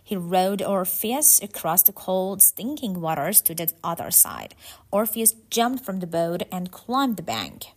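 A woman narrating a storybook in a slow, deliberate, softly dramatic way. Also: lowish voice, very animated.

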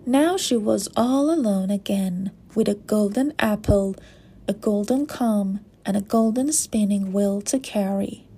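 A woman narrating a children's storybook in a gentle read-aloud manner. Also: medium pitch, unhurried, slightly rough.

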